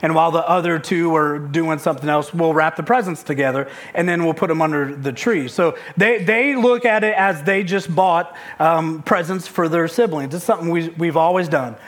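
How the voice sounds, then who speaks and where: A man's voice: on the high side, moderate pace, hardly any pauses. A man in his thirties preaching a sermon, telling a family story with quoted dialogue and often repeating words when he gets going. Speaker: pastor.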